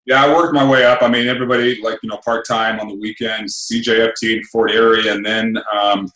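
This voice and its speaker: A middle-aged man, raised in England, chatting in a relaxed, rambling way as an interview guest, full of fillers and tag questions. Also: on the low side, a little fast, roomy sound, low-quality recording. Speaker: radio host guest. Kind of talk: casual interview.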